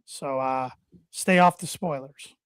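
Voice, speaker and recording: A man co-hosting a casual wrestling podcast, talking in a halting way and often repeating his words. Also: medium pitch, clear, resonant tone, dry recording, clean studio sound. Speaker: podcast co-host.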